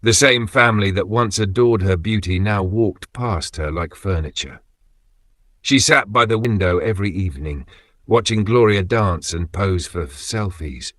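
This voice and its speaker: A man narrating a scripted dramatic story in short, measured phrases. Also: lowish voice, a bit bright, dry recording, clean studio sound.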